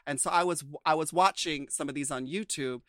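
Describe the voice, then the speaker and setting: A man's voice: on the high side, a little fast, a bit bright, dry recording, clean studio sound. A man co-hosting a casual podcast from the United States, chatting through a TV show recap with lots of fillers and restarts. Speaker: podcast co-host.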